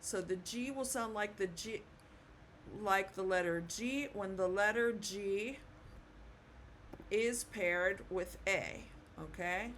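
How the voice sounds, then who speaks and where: Slow, patient woman teaching pronunciation. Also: medium pitch, a bit bright, a little hiss or hum. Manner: repeats words slowly, checks in with "okay?". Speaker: Spanish teacher. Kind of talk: slow, patient classroom explanation.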